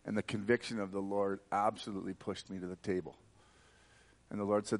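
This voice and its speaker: A man's voice: on the low side, flat delivery, brisk. A man preaching a sermon, fervent and emphatic, telling a personal story.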